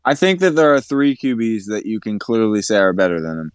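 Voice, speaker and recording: A young man co-hosting a casual sports podcast, making measured, somewhat hesitant arguments. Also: fairly low pitch, big pitch swings, clear, resonant tone, no echo, clean studio sound. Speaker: podcast co-host.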